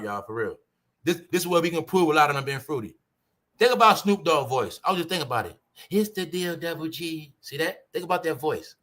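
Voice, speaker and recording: High bright New man chatting. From New York. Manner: animated, addresses audience as y'all, mimics voices. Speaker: commentary show host. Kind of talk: casual celebrity gossip commentary.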